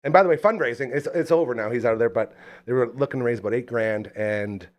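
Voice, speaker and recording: A man with a mid-range voice talks fast while hosting a casual talk podcast. He tells stories chattily and reads sponsor plugs with a playful touch.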